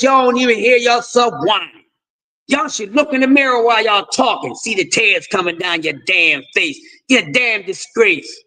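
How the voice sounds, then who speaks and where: Male stream host, very high-pitched, profane lecturing rant. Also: pushed and bright, rough recording. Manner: profane, confrontational, lecturing with repeated refrains. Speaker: host of a boxing talk stream. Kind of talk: ranting commentary.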